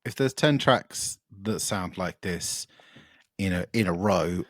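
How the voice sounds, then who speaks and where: A man co-hosts a podcast in casual, gushing chat, his voice sitting on the low side. He rambles eagerly from thought to thought. The sound is dry and close, with no room around it. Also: lively intonation, slow, dry recording. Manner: enthusiastic, rambling, lots of "like" and "mate". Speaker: podcast co-host. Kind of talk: casual chat about metal records.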